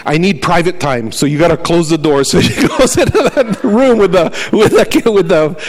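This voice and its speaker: An older man preaches in an earnest, storytelling way, moving from scripture into personal anecdotes. His voice sits somewhat high for a man. A long reverb trails his words. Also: lively intonation, moderate pace. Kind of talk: sermon.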